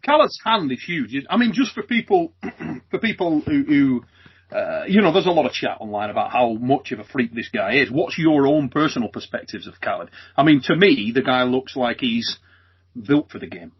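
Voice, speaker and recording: A man's voice: mid-range voice, expressive, normal speed, slightly rough. A male interviewer hosting a casual chat, joking and laughing often, calling his guest "mate" and "son". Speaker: interviewer and channel host. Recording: muffled lo-fi audio.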